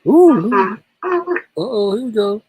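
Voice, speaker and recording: A man's voice: sits high, big pitch swings, takes it slowly, husky, low-quality recording. A man hosting a live-stream gossip commentary show, teasing and exclaiming as he greets the chat and runs through the night's topics. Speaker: host.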